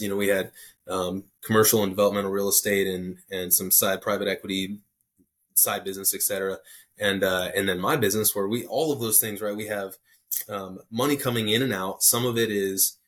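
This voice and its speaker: A young man telling a personal faith story in a casual, rambling way, full of restarts and quick asides. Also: fairly low pitch, a bit bright. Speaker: podcast guest sharing testimony.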